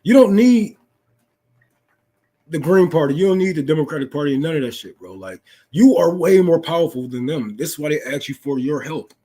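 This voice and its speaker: A man's voice: on the high side, animated, fairly quick, dark tone, slightly rough. A young man in an unscripted political rant, profane and fired-up, preaching to his listeners. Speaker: political talk host.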